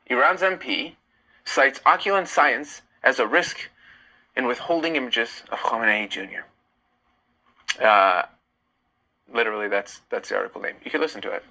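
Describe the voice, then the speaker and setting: A man's voice: mid-range voice, moderate pace, long pauses, low-quality recording. A young man hosting a casual live stream, animatedly reading and answering viewer comments. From United States. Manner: animated, argumentative, reads comments aloud. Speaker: livestream host.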